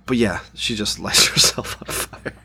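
A man with a husky edge to his voice chats casually on a movie podcast. He chimes in with dry, sarcastic jabs at the film's plot. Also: lowish voice, unhurried, bright, forceful tone. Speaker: podcast co-host. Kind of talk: casual movie recap chat.

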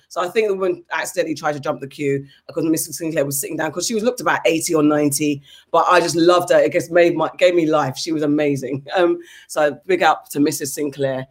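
A woman in her forties from England, hosting a podcast in casual chat, blunt and animated, swearing freely as she tells stories. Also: low voice, fast talker. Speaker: podcast host.

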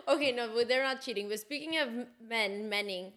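A woman co-hosting a podcast in casual chat, telling gossip in an animated way, full of "like" fillers. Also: fairly high pitch, normal speed. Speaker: podcast co-host.

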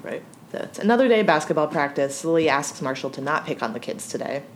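A woman's voice: low voice, animated, fast, slight background noise. A woman co-hosting a casual recap chat, easygoing and giggly. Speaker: podcast co-host.

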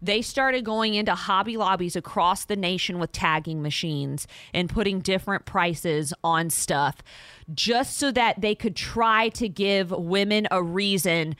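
A woman hosting a morning radio show, chatty and animated with frequent laughs, on a studio mic. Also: medium pitch, measured pace, dry recording. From Texas.

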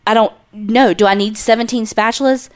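A woman's voice: on the high side, steady tone, a little fast. A woman co-hosting a podcast, chatting in an easygoing way with wry asides. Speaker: podcast co-host. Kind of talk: casual chat.

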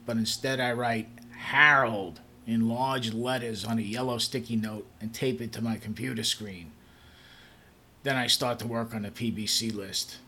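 A man's voice: medium pitch, sharp tone, slight background noise. Dry, matter-of-fact male narrator. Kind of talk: first-person narration of a story.

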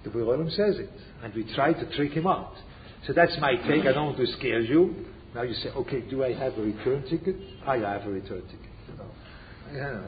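Man teaching in a dull lo-fi recording. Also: mid-range voice. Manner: conversational, keeps checking in with listeners; animated rhetorical questions. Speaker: Torah teacher. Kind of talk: informal lecture on a religious text. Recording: dull lo-fi recording with faint noise.

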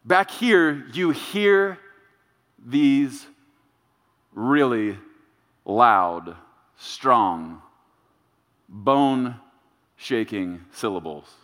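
A male pastor delivering a sermon, emphatic and repetitive, with dramatic pauses. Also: mid-range voice, expressive, fairly bright tone. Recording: reverberant church sanctuary.

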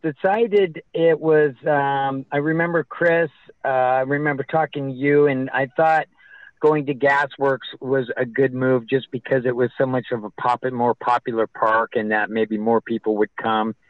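A man being interviewed on the radio, telling stories in a halting, rambling way with many restarts. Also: medium pitch, flat delivery, dry recording, narrow, tinny audio. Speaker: guest, festival organizer.

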